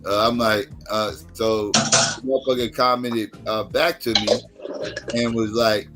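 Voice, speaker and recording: A tired man with a very low voice hosts a casual late-night stream, swearing freely as he tells stories. He jumps up high when he acts out quoted voices. Faint music plays behind him. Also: a little slow. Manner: profane storytelling with lively quoted voices. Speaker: live stream host.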